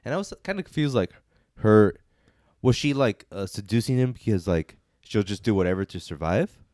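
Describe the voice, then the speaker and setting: A man's voice: on the low side, lively intonation, moderate pace, a little mellow, dry recording, clean studio sound. A man co-hosting a casual movie review chat, laughing often and restarting his sentences. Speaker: podcast co-host.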